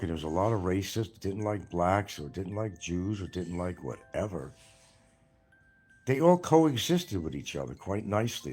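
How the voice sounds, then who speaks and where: An older man with a mild New York accent talks in a loose, rambling monologue, blunt and quick to swear. His voice sits fairly low. Faint music plays softly behind him. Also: breathy edge. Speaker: vlogger. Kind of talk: casual monologue.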